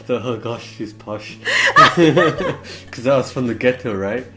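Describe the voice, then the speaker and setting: A man's voice: mid-range voice, sing-song, very slow, loud music behind the voice. A man chatting in a laid-back, teasing way beside his partner. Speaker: vlogger's partner.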